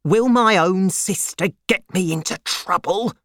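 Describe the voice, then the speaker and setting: Brief: woman voicing a cold, curt man, low voice, slow, dry close sound, storybook. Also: big pitch swings, no room sound, full character voice. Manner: curt, hushed and impatient.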